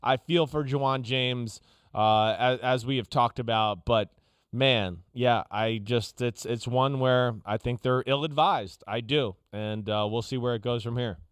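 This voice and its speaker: A man's voice: medium pitch, a little slow, clear, resonant tone, no room sound, clean studio sound. A man co-hosting a sports talk show, talking casually with lots of fillers and restarts. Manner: casual, rambling, many fillers. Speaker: co-host, former player analyst.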